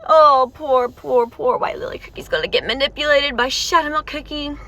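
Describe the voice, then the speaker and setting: A woman talking excitedly to her viewers in rambling reaction commentary, recorded inside a car. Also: sits high, fairly quick. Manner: excitable, chatty, talks straight to viewers with frequent restarts. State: tired and warm. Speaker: video creator reacting to a game story.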